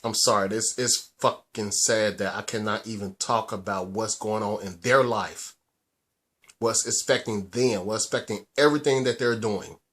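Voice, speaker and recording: Husky, agitated American man ranting. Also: on the low side, fairly even intonation, fairly bright tone. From United States. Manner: agitated, halting, with repeated restarts and emphatic swearing. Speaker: vlogger. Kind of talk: angry personal vlog rant.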